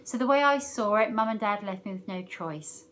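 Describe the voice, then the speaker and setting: A woman's voice: medium pitch, normal speed, a little hiss or hum. Woman reading a novel aloud expressively. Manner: expressive, shifting loudness with the story's mood.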